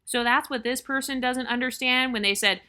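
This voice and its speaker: Bright-voiced woman giving blunt commentary. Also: high voice, fairly even intonation, normal speed. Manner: blunt, emphatic, repeats points for stress. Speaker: vlogger. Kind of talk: opinionated commentary reacting to online comments.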